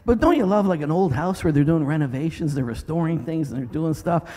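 A middle-aged male pastor preaching a sermon, telling a story with lively energy and breaking into loud commanding shouts. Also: fairly high pitch, a little fast. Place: church sanctuary. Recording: long reverb of a large hall.

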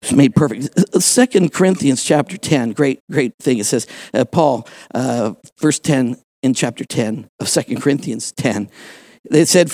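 A male pastor giving a sermon, animated and jokey, acting out the people he quotes. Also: mid-range voice, moderate pace.

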